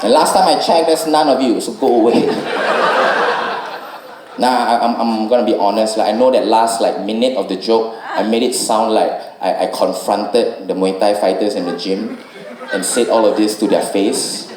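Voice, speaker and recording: A man's voice: lowish voice, normal speed, a little mellow. A young Singaporean man performing stand-up, conversational and tagging his lines with "right?". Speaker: stand-up comedian. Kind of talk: stand-up comedy set. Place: comedy venue with a live audience. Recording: echoey live room from a distance, audience noise.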